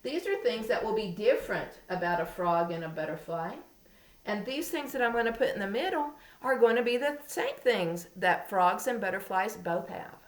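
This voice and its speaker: A woman's voice: medium pitch, animated, normal speed, reverberant. A woman, a kindergarten teacher leading a reading lesson and talking patiently in a sing-song way to small children.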